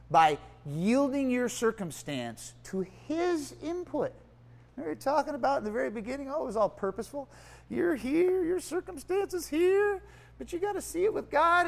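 Preacher, animated sermon, swooping expressive pitch, shifts from quiet asides to emphatic calls, asks the crowd questions. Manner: teaches word meanings and asks the audience questions.

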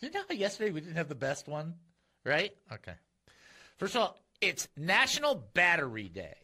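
A man's voice: fairly high pitch, moderate pace. A man hosting a casual Christian radio show in a studio, joking and laughing often with his co-host and callers. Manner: jokey, laughs often, animated.

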